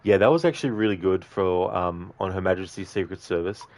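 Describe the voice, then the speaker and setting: Male game streamer, lower voice, easygoing chat with viewers, quick to laugh. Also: a little mellow. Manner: chatty, laughs often, chats to viewers by name. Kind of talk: casual livestream chat while gaming.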